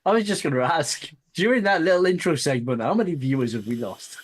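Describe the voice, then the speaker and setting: A man's voice: fairly high pitch, lively intonation, brisk. A man from Wales co-hosting a casual chat, hesitant and stumbling, chuckling between words. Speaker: co-host.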